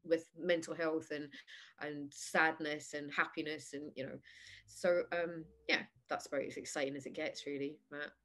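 A woman's voice: sits low, little pitch movement, moderate pace, a bit bright. A woman, a guest telling stories in casual chat, laughing often and acting out the people in her anecdotes. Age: 50s. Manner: chatty storyteller, laughs often, acts out voices in anecdotes.

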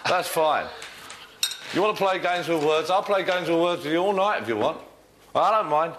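A man's voice: on the high side, normal speed, fairly bright tone, slight background noise. A man in a heated argument, pressing pointed questions again and again. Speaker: reality show housemate.

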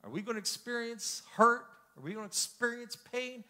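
A man pastor teaching a Bible study in an animated, joking way, with frequent exclamations and repeated words. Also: very high voice, fairly quick. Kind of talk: lively sermon-style teaching. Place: church hall.

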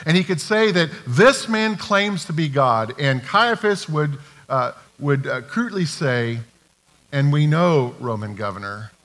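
A man preaching a sermon as pastor, animated and acting out the voices of the people he quotes. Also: a little high, long reverb tail. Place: church sanctuary.

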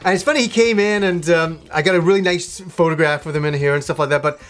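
A man's voice: a little high, quick pace, a bit bright. A man talking casually to camera from a room in his home, rambling enthusiastically with lots of fillers and restarts. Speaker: video game vlogger.

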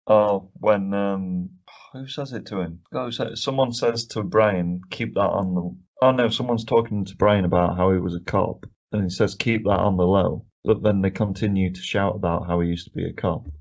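A man's voice: low voice, fairly even intonation, moderate pace, darkish tone. A man co-hosting a casual film review podcast, ranting and swearing often with frequent laughs. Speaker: podcast co-host. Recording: dull lo-fi podcast audio.

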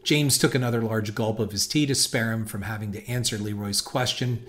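Low-voiced man narrating a horror story. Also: steady tone, fairly quick, fairly bright tone. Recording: noisy hiss behind voice.

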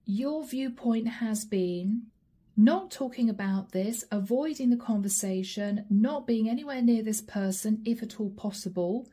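A woman's voice: fairly high pitch, a little slow, warm tone, husky. A woman giving a tarot reading, addressing the viewer directly with probing, repeated questions. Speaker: tarot reader.

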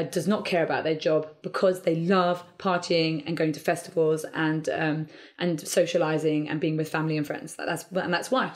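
A woman comedian, talking animatedly in a podcast interview and slipping into quoted voices. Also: low-pitched. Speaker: comedian guest.

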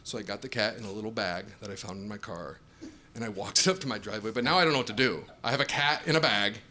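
A man in his forties doing a stand-up comedy set on a club stage, acting out dialogue in animated storytelling, with an audience laughing behind him. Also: on the low side, quick pace. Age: 40s. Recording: live club audio with crowd laughing.

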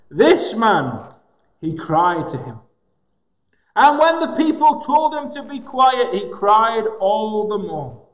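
A man preaching a sermon in a gospel hall, slow and emphatic with dramatic pauses. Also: very high-pitched, animated. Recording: echoey hall with long reverb.

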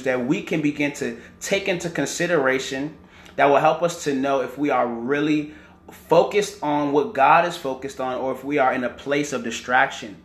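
A man's voice: a little high, a bit bright, echoey room. A man preaching a teaching sermon, often repeating words and checking in with "right?" and "amen".

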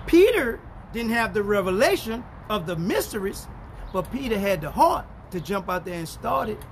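A male pastor with a strikingly high voice teaches the Bible in an animated, preachy way. He drops to quiet asides, then rises to shouts when reading scripture slowly and emphatically. A faint hum of noise sits under the recording. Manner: animated, preachy, swings between mutters and shouts; reads scripture in slow, emphatic bursts. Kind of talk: street-style Bible teaching.

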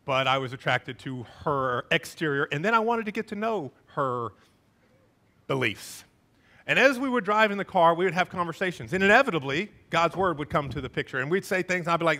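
Animated man preaching a sermon. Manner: animated, acts out quoted voices with wide swings in pitch. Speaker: pastor. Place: church sanctuary.

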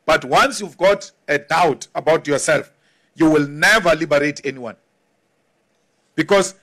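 A man giving a forceful, defiant political speech. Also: a little high, measured pace, long pauses. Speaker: politician addressing a crowd.

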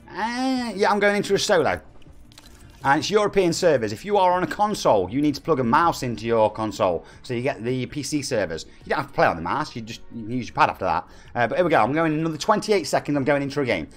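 A man's voice: fairly high pitch, fairly bright tone. Chatty East Midlands streamer in his forties. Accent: East Midlands English. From England. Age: 40s. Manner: chatty and upbeat, reading out viewer names. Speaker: game streamer. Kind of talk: live game stream chat.

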